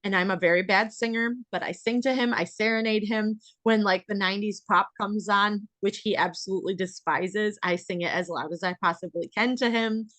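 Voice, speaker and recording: A chatty, bubbly woman hosting a podcast, laughing easily as she talks. Her voice sits in a middle pitch, and the sound is dry and close with no room around it. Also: fairly even intonation, fairly quick, few pauses, a bit bright, no echo. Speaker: podcast host. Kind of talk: casual interview chat.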